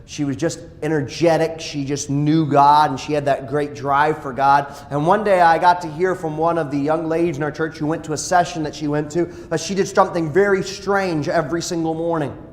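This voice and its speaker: A male pastor preaching a sermon, dropping to quiet asides and rising to loud exclamations. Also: on the high side, fairly even intonation, a little fast, hardly any pauses. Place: church sanctuary. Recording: echoey church hall.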